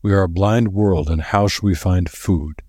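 A man's voice: deep voice, warm tone, slightly rough, dry recording, studio quality. A man voicing a grim old professor. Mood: grave. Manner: grave, measured. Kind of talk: audiobook character voice.

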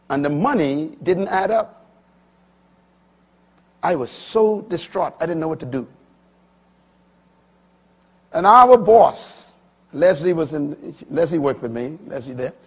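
A man in his sixties preaching a sermon, swinging from quiet, low stretches to loud, high, emphatic lines. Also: expressive, slow, pauses often, breathy edge. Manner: dramatic swings from quiet to loud, rising pitch on key lines. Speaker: pastor.

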